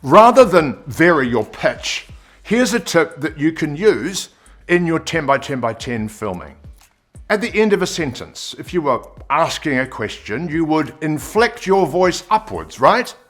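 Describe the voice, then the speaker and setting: A man giving an on-camera presenting lesson, expressive and demonstrating pitch and pace as he explains. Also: a little slow, faint music behind. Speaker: presenter coach.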